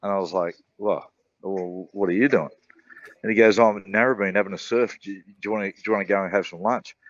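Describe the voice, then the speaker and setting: A rambling Australian man with a very low voice, chatting on sports radio and tripping over his words as he tells stories. The sound is dry and slightly dull, straight off a studio mic. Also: steady tone, quick pace, dry recording. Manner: rambling storyteller, stammers and says mate often. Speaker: radio co-host. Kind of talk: casual sports radio banter.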